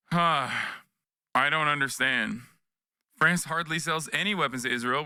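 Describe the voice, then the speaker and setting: A man's voice: medium pitch, sharp tone, smooth, no room sound. A man in his thirties reacting to news clips on a live stream, sarcastic and profane, close to a desk mic. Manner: profane, sarcastic, mocking voices.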